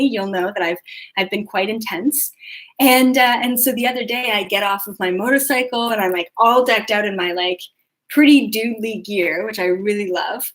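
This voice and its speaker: A woman's voice: a little high, a bit bright. A young adult woman hosting a spiritual live video, talking casually with lots of fillers and acting out her own thoughts in quotes. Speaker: spiritual podcast host.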